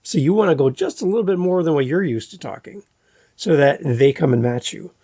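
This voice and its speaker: A man hosting a podcast, talking in a relaxed, unhurried, conversational way. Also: fairly high pitch, no room sound, clean studio sound. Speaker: podcast host. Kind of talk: casual chat. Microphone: podcast microphone.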